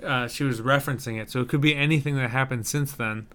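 A man's voice: medium pitch, steady tone, fast talker, a bit bright, clean tone. A young man co-hosting a podcast, chatting casually with dry, self-deprecating humor. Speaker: podcast co-host. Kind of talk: casual chat.

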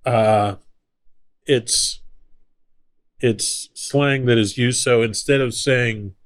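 Man, podcast co-host, mid-pitched voice, playful, explains slowly. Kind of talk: casual banter.

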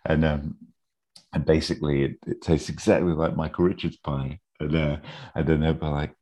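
A man with an extremely low voice and a husky grain tells a long story in casual conversation. He rambles, with many fillers and restarts. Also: flat delivery, normal speed, darkish tone, muffled recording. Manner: rambling, many fillers, acts out characters' lines in a high voice. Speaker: podcast guest pitching a fan episode.

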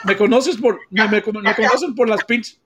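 A man's voice: sits high, a little fast, a little hiss or hum. A man, a photographer, telling funny stories on a podcast in casual, profane talk mixed with Spanish. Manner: animated storyteller, profane, mixes Spanish.

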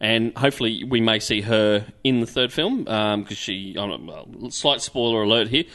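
A man's voice: on the low side, normal speed, pushed and bright. A man in casual podcast chat, enthusiastically reviewing a film and swearing freely. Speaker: podcast co-host.

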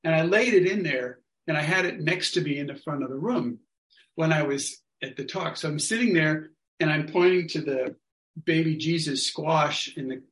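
A man casually telling a story to an online study group, acting out what people said in lively quotes. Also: fairly high pitch. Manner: animated, acts out other people's lines. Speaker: workshop leader telling a story. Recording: echoey room sound.

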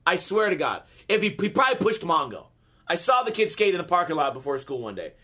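A podcast host in his thirties tells casual, profane stories, animatedly acting out the voices of the people he quotes. His voice sits high, and he talks fast.

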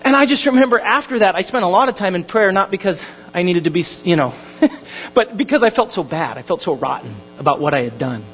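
A male pastor, preaching a sermon with animated storytelling that swings from hushed to loud. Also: high voice, brisk, a little hiss or hum. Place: church hall. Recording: dull lo-fi sermon recording.

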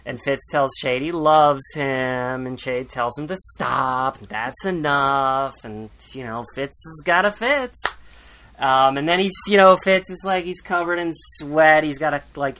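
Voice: medium pitch, unhurried, a bit bright. A podcast host recapping a book in casual chat, rambling, sarcastic and swearing freely.

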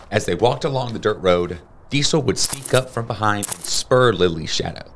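A man reading a children's storybook aloud in a steady, plain storytelling manner. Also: lowish voice, moderate pace, few pauses, a little hiss or hum. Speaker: storybook reader.

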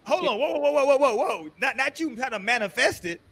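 A man's voice: very high-pitched, lively intonation, a little fast, gravelly, background noise. A man hosting a podcast, laid-back and slangy, laughing often. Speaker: podcast host. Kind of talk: casual chat.

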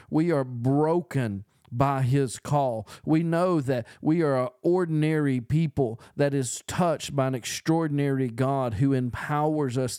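A man's voice: mid-range voice, dark tone, clean tone, no room sound, studio quality. A man preaching a podcast sermon in an earnest, emphatic way, building on repeated phrases.

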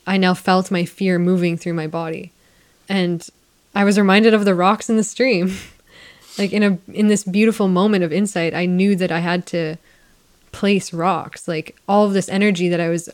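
Woman, lowish voice, podcast co-host, candid personal storytelling, casual swearing.

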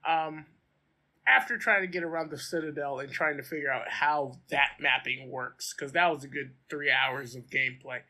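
Casual co-host: profane, animated man with a high, piercing tone. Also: moderate pace. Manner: profane, animated storyteller, laughing often. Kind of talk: casual gaming chat.

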